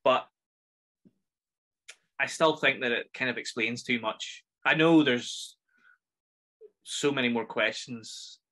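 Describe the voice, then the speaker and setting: A man's voice: mid-range voice, takes it slowly, pauses often, bright, forceful tone. A man with a Northern Irish accent hosting a casual film review podcast, chatty and enthusiastic as he rambles through his thoughts. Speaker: podcast host.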